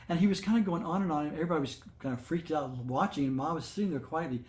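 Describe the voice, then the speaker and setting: Gentle older man telling devotional stories. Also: fairly high pitch, echoey room. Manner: gentle, unhurried, halting with fillers and restarts. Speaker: satsang leader. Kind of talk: devotional storytelling talk.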